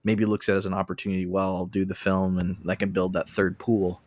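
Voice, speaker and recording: A man who is a podcast guest, thinking aloud in a halting way as he searches for words. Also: low voice, completely flat delivery, darkish tone. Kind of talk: casual podcast discussion.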